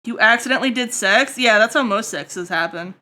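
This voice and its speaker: A woman chats with her viewers during a livestream, making crude jokes as she goes. Her voice sits high and sounds bright and sharp. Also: fairly quick. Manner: crude, joking, chatty with viewers. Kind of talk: casual stream chat while drawing.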